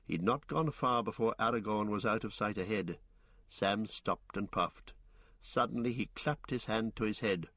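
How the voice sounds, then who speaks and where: A man narrating an audiobook in a measured, deliberate way. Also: fairly low pitch, a bit bright, dry recording. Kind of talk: audiobook reading.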